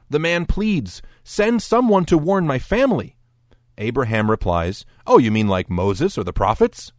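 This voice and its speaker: Wry, animated male lecture narrator. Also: lowish voice, no room sound. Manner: dry, wry explanatory tone with lively quoted voices. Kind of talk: scripted narration.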